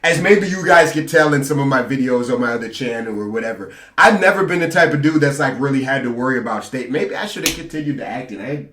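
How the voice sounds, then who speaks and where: Animated young man telling a story. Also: mid-range voice, quick pace, hardly any pauses. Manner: animated, self-hyping storyteller. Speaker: vlogger. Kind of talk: storytime vlog. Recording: roomy echo, distant mic.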